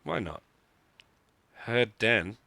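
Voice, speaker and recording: A man streams a mobile game live, chatting wryly and mocking himself as he plays. His voice sits very low, with a gravelly edge and a bright, forward tone. The recording is dry and close, with no room echo. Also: big pitch swings, extremely slow. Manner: wry, joking, self-mocking. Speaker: gaming streamer. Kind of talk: live gameplay commentary.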